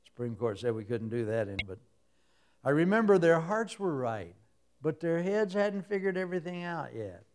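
A man's voice: a little high, very animated, normal speed, a little mellow, slight background noise. A man preaching a humorous sermon, telling stories with sound effects and laughing at his own jokes.

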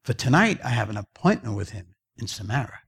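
Death, a man doing calm and formal. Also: medium pitch, fairly quick, creaky, slightly rough, exaggerated voice. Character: Death, calm and courteous male figure.

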